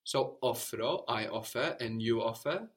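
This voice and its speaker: Guy teaching a language lesson, patient, asks and repeats, normal pitch voice. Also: expressive, measured pace. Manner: patient, prompting questions and repeating answers.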